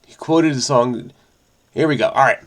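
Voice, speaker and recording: A man's voice: medium pitch, normal speed. A man hosting a crossword video, chatting in a frenetic, rambling way and often interrupting himself. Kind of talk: casual solo commentary.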